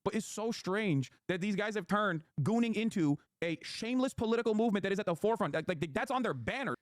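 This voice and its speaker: Fast, high-voiced ranting male streamer. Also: no echo, studio quality. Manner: animated ranting, profane. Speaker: streamer host. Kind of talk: casual stream chat.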